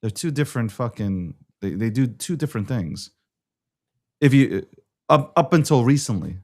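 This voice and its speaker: A man's voice: mid-range voice, expressive, moderate pace, darkish tone. A man hosting a live stream, talking bluntly in casual chat, swearing freely and repeating himself for emphasis. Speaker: show host.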